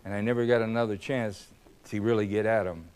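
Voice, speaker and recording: An older man giving a public speech, telling a story in a blunt, combative way, swinging between loud bursts and low remarks. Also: steady tone, a little fast, very noisy. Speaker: speaker. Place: hall.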